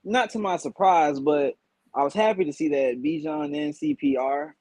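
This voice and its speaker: A man appearing as a guest podcaster, working through football analysis in a measured, thoughtful way with pauses. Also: fairly high pitch, darkish tone, no echo, rough recording.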